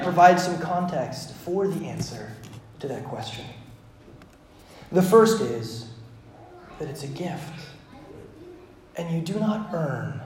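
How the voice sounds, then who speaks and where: Male pastor, thirties, higher voice, sermon that drops soft then builds lively. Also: roomy sound, a little hiss or hum. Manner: swings from hushed to animated storytelling.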